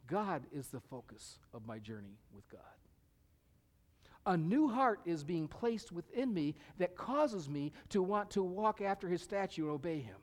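A man's voice: high voice, big pitch swings, unhurried. A middle-aged male pastor preaching a sermon, emphatic, repeating key phrases and sometimes dropping to a whisper. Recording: long reverb of a hall.

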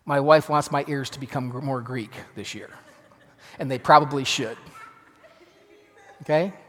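A man, a pastor, preaching a sermon with emphatic swings between loud and hushed delivery. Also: mid-range voice, normal speed. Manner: emphatic, dramatic shifts in loudness. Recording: long reverb of a large hall.

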